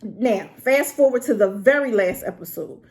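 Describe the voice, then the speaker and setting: A woman's voice: a little high, expressive, normal speed, darkish tone. A woman reviewing a drama to camera in an unscripted, rambling rant, exclaiming and talking straight to her viewers. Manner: unscripted and unedited.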